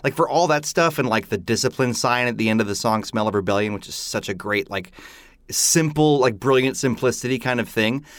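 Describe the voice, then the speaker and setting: A man chatting on a musical theatre podcast, animated and opinionated, full of "like" asides. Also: mid-range voice, fairly quick, no room sound. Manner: animated, opinionated, many "like" fillers. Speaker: podcast panelist. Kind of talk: casual chat.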